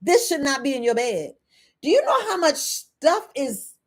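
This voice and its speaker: A middle-aged woman herbalist, talking casually to her viewers, animated and laughing often. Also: sits high, normal speed. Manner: animated, laughing, acts out quoted people in a raised voice. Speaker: herbalist host.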